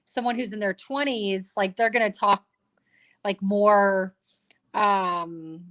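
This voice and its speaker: A woman's voice: medium pitch, fairly even intonation, takes it slowly, a bit bright. Chatty woman in her thirties, rambling. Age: 30s. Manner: rambling, many fillers and restarts. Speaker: co-host. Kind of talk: casual book chat.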